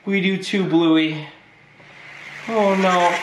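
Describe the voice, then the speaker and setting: A woman hosting a reaction video, shouting panicked exclamations at what she watches, in a roomy space with music behind. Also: fairly high pitch, expressive, a little slow, background noise. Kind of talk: excited reaction commentary. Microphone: headphones and desk mic.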